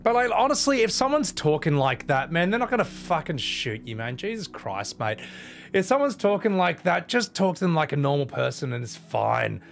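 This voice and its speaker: A man in a casual vlog, telling a trip story in an animated way, swearing freely. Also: a little high, normal speed, vocal fry, a little hiss or hum. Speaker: vlogger.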